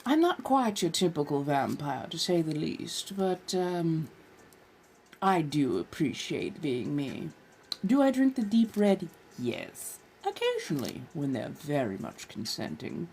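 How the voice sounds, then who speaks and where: A woman's voice: sits low, darkish tone, a little hiss or hum. A woman hosting a live stream in character as an ancient vampire, chatting and reading tarot with theatrical, old-fashioned genteel phrasing.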